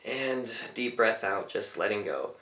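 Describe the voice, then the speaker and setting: A man leads a guided breathing meditation, speaking calmly and without hurry. His voice sits low but sounds bright and clear. The room around him gives a noticeable echo. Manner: calm, unhurried, gently instructive. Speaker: meditation teacher.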